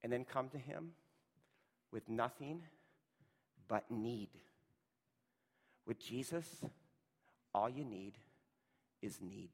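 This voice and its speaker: A pastor preaching a sermon, rising to loud emphatic lines and dropping to a hushed near-whisper. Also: male voice, medium pitch, expressive, takes it slowly, long pauses, slightly rough, in a large hall.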